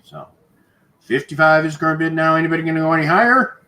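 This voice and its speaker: A man running a live online auction, calling bids in brisk, repetitive patter and chuckling now and then. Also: fairly high pitch, sharp tone.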